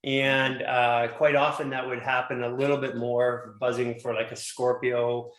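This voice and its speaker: A man leading a live fitness class, calmly cueing breathing and movement. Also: mid-range voice, a little slow, roomy sound, poor audio. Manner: calm, rhythmic counting and cueing. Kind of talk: guided breathing and movement instructions.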